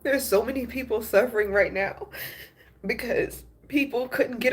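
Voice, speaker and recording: A woman's voice: on the high side, normal speed, breathy edge. A woman hosting a news and gossip show, giving emotional political commentary, upset and apologetic, restarting her sentences often.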